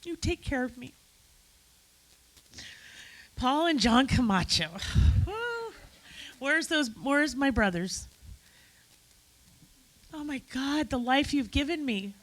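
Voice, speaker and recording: A woman's voice: sits high, lively intonation, slow pace, pauses often, a bit bright, rough recording. A woman giving an emotional, effusive eulogy at a memorial gathering, speaking straight to friends in the room.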